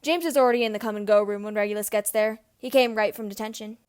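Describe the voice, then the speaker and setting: A woman's voice: mid-range voice, fast, clear, resonant tone. Woman narrating a fan audiobook. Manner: steady storytelling narration. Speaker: reader. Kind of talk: reading fan fiction aloud.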